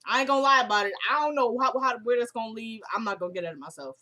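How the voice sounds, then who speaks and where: A woman's voice: fairly high pitch, rapid-fire, bright, forceful tone. A young woman talking casually to her camera, recapping a TV episode in a chatty way, laughing and acting out the characters' lines. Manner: chatty, laughing, retells scenes in quoted dialogue. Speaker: TV recap vlogger. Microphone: camera mic at home.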